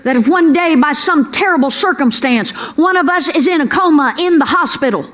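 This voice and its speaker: A woman's voice: sits high, animated, a little fast, fairly bright tone. A woman comedian doing a folksy, brassy stand-up routine with punchy punchlines on a club stage. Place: comedy club stage before a live audience. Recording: live club audio with crowd laughter and noise.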